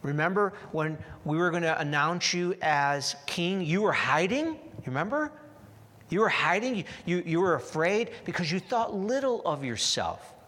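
A stern old prophet cuts off excuses with forceful, emphatic rebukes, as a preacher plays him. The voice is raised and commanding. It echoes through a long hall reverb. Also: male voice, sits high, big pitch swings, moderate pace, pitched above the performer's own voice, heavily acted.

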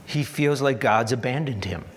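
A man preaching a sermon in an earnest, repetitive style, building to emphatic peaks and dropping to soft asides. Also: mid-range voice, moderate pace, in a large hall. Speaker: pastor.

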